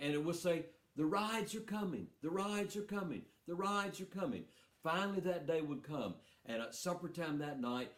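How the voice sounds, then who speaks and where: A man spinning a folksy, playful tale for a young audience, his voice leaping up and down with lively expression. His words carry through a roomy, reverberant hall. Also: medium pitch. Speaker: storyteller. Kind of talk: live storytelling for schoolchildren. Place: festival stage.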